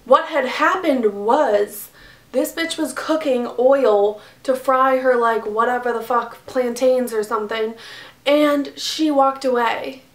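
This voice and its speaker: A young woman tells a storytime with exasperated, profane energy. Her voice sits a little high, and the room around her is echoey. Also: slow. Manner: profane, exasperated retelling with acted quotes. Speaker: vlogger. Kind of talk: casual storytime.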